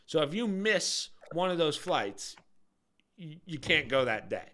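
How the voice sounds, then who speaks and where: A man's voice: on the high side, sing-song, a little slow, pushed and bright. A man co-hosting a podcast, telling a rambling travel story in casual chat and laughing often. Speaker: podcast co-host.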